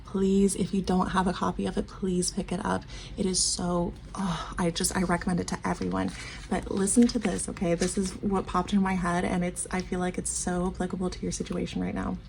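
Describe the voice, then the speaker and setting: Gravelly, warm-voiced woman doing a tarot reading. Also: lowish voice, monotone, brisk, slight background noise. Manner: gushing and affectionate, calls the listener babe; emotional, near tears, laughs often. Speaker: tarot reader. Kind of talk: casual one-on-one tarot reading.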